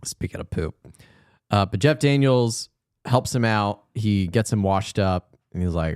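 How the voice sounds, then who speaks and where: A man's voice: fairly low pitch, dry recording, clean studio sound. A man co-hosting a movie podcast, animatedly retelling scenes in casual chat. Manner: animated retelling, slips into quick voices. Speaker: podcast co-host reviewing a movie.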